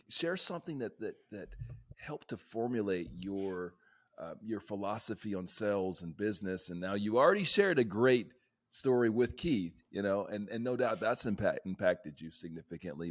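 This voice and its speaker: Podcast host, male, lowish voice, casual and playful. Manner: playful, laughs often.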